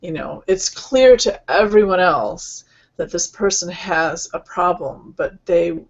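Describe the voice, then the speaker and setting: A woman hosting an online healing session, speaking gently and rambling, with many fillers and restarts. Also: lowish voice, slow pace, muffled recording. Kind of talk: casual spiritual talk.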